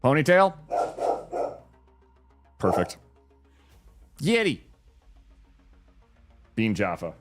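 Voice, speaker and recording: A man's voice: mid-range voice, wildly swooping pitch, drawn-out words, pauses often, music in the background. A man streamer giving a comedic dramatic reading with a dry, mock-serious delivery.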